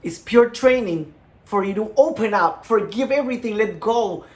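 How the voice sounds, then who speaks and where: A man in his thirties whose first language is Spanish, giving an earnest personal faith testimony in short, halting phrases. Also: high voice, expressive. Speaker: creator of a healing channel.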